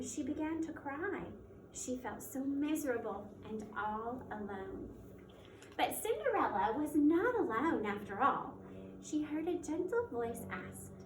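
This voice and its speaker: High-voiced woman teacher reading a story. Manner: expressive, measured storytelling. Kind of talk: storybook read-aloud. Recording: echoey room, mic at a distance, faint background noise.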